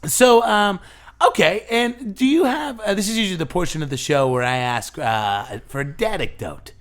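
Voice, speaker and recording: A man's voice: high voice, animated, normal speed, fairly bright tone. A man hosting a podcast, chatting casually and rambling as he swears his way through stories. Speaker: podcast host. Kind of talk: casual interview chat.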